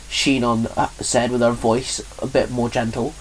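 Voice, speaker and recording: A man's voice: mid-range voice, flat delivery, moderate pace, hardly any pauses, poor audio. A man reading his own fan story aloud, plain and with small slips.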